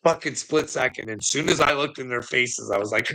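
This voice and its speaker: Gravelly, profane man rambling through a story. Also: mid-range voice, normal speed, sharp tone, rough recording. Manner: profane, rambling, laughs often. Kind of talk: casual storytelling monologue.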